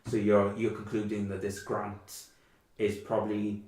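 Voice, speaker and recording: A low-voiced man running a tabletop game who narrates in a loose, rambling way full of fillers. His voice rings in an echoey room, which gives the sound a casual, homemade feel. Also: little pitch movement, measured pace, darkish tone. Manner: rambling, filler-heavy, easygoing. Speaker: game master.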